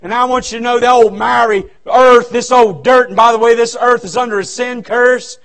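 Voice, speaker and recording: A man's voice: extremely high pitch, fairly even intonation, normal speed, fairly bright tone. A man preaching a fervent, folksy revival sermon in a church. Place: church sanctuary.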